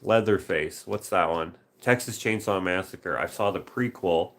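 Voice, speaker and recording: A man painter chatting casually on a live stream, musing aloud over viewer suggestions and slipping into quick movie-quote voices. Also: low voice, a bit bright. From Canada.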